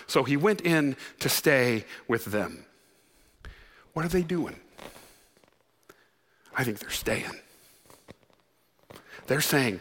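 A male pastor with a high, bright voice preaches an earnest sermon, putting questions to his congregation. He speaks slowly with lively intonation and frequent pauses, and a long hall reverb from the sanctuary trails his words.

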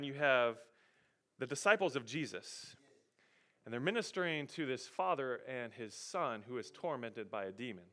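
A man's voice: medium pitch, sharp tone. A male pastor preaching a sermon, leading call-and-response and reading verse after verse in a building rush. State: out of breath.

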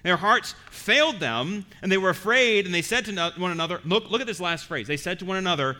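Bright-voiced male preacher. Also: sits high, expressive, a little fast, hardly any pauses. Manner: earnest, emphatic preaching with frequent word repeats. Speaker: pastor. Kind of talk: expository sermon.

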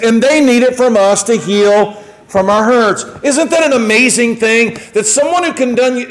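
Male pastor, high voice, chatty sermon delivery with acted-out asides. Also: low-quality recording. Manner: conversational, acts out little quoted exchanges.

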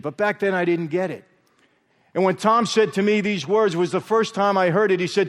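A man's voice: high-pitched, moderate pace, a bit bright. A middle-aged man giving an emphatic testimony sermon, calling out to the audience as he tells his story. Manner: emphatic, repeatedly addresses the audience as "people". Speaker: guest speaker. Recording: long hall reverb.

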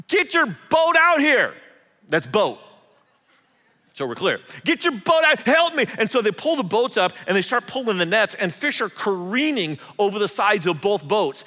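A man preaching a sermon as pastor, animated and repeating words as he goes. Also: on the high side, long reverb tail.

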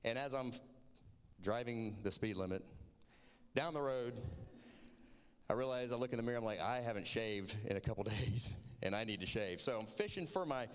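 A man's voice: on the low side, a little fast, a bit bright, clear, resonant tone, in a large hall. A man from Florida with a Southern accent, giving a sermon as a chatty, self-mocking personal story.

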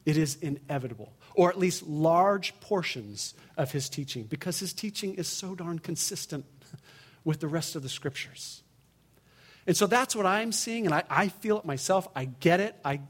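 A man delivers a sermon in an earnest, conversational manner. His voice sits a little high for a man. He drives his points home with emphatic rhetorical questions. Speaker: pastor.

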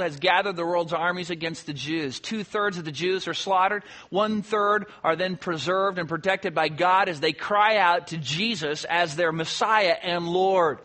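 A man's voice: sits high, bright, forceful tone. A man preaching a sermon to his congregation, conversational, posing rhetorical questions and answering them. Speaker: pastor.

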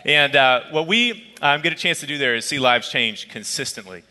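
A man preaching a sermon as a pastor, telling a personal story in a conversational, lively way. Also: mid-range voice, moderate pace, long reverb tail. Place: church auditorium.

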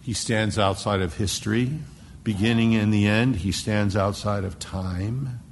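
A man preaching an expository sermon, dropping to a hushed whisper for emphasis and digressing into word study. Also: fairly low pitch, steady tone, a little slow, a little hiss or hum. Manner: dramatic drops to a hushed whisper. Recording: long echo in a large hall.

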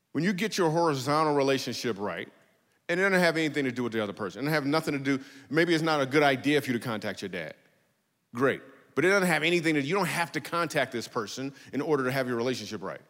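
Male preacher, mid-pitched, loose and funny, church hall with long reverb. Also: fast talker. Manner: conversational, joking, animated storytelling. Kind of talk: comedic church sermon.

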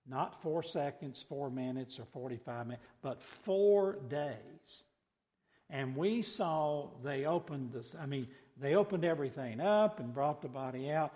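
Animated preaching man in a reverberant hall. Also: fairly high pitch. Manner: animated preaching, swinging between soft asides and loud cries. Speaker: pastor. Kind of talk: sermon.

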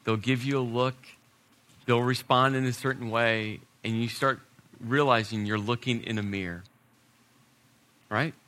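A middle-aged man preaching a sermon as a pastor, telling stories and building to emphatic points before dropping his voice low. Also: fairly even intonation, a little slow, pauses often. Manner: storytelling preacher, rising to emphasis then dropping soft.

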